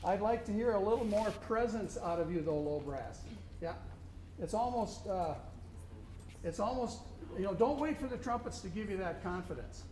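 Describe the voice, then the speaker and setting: A contest judge runs an instructional clinic for a student band, singing rhythms aloud to demonstrate. His voice is high-pitched yet darkish in tone, recorded in an echoey room with faint noise.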